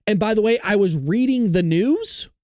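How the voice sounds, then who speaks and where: High, animated, swearing male host ranting. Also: moderate pace, no echo, clean studio sound. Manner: profane, frustrated ranting; talks straight to his audience. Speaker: show host. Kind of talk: live-stream rant to viewers.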